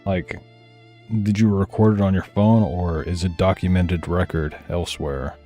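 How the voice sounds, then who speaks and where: A man's voice: deep voice, steady tone, normal speed, dark tone, soft background music. A man commentating on a live stream, rambling in a loose, profane way with mumbled asides.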